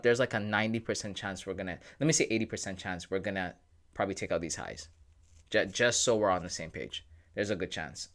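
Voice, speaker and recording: A man's voice: lowish voice, fairly bright tone. A man hosting a casual trading livestream, laid-back and joking, with slangy talk as he reads viewers' comments aloud.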